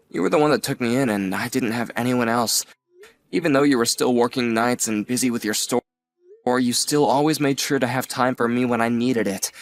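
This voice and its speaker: Actor as an earnest young man in his twenties, average pitch, sincere and grateful. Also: lightly acted. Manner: sincere, gently teasing. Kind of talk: audio drama acting.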